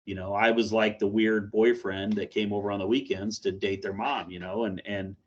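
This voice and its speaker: A man in his forties, a corrections officer, telling a candid personal story in a plainspoken, halting way in a support meeting over a video call. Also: on the low side, steady tone. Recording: dull lo-fi video call audio.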